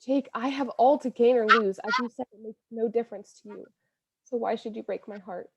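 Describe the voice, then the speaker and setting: A woman's voice: on the high side, fairly even intonation, brisk, vocal fry, husky, dull audio. A woman reading the letters of a young woman from 1918, earnest and imploring, with a lovesick, pleading tone. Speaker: reader of historical letters.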